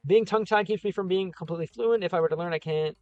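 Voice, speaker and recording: A man's voice: high voice, fast, darkish tone, clean tone, no room sound, lo-fi sound. A man with a Chicago Midwest accent hosting a casual livestream, reading comments in a rambling, upbeat and encouraging way with lots of fillers. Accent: Chicago, American Midwest. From American Midwest.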